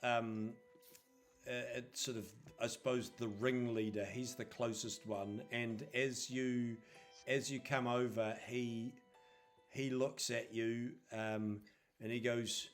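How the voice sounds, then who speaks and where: A man narrating a tabletop role-playing game as game master, pausing often with fillers. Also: mid-range voice, little pitch movement, faint music behind. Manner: hesitant, many fillers.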